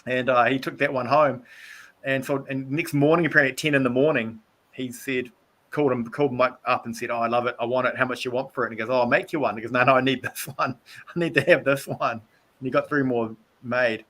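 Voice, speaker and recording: A man's voice: mid-range voice, steady tone, a little fast, fairly bright tone. A man from New Zealand with a Kiwi accent, chatting as a guest on a video-call live stream and rambling through stories. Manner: rambling storyteller, acts out quotes. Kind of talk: casual chat.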